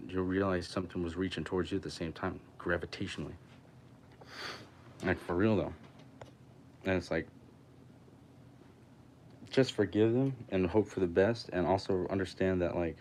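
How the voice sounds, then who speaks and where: Guy streaming, lowish voice, swears a lot, tells it straight. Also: darkish tone, slight background noise. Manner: blunt, swears freely, storytelling with quoted dialogue. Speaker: livestream host. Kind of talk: casual livestream chat.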